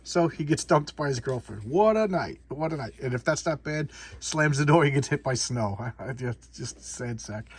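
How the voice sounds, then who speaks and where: A man's voice: mid-range voice, normal speed, few pauses, husky. A man doing a casual comic book showcase, rambling and often repeating and restarting words.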